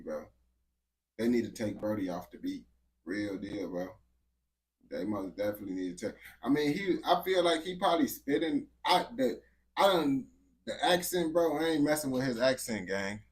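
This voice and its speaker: A man giving casual, slangy reaction commentary, dropping "bro" and "gang" constantly and restarting his sentences. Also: fairly low pitch. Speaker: reaction video host.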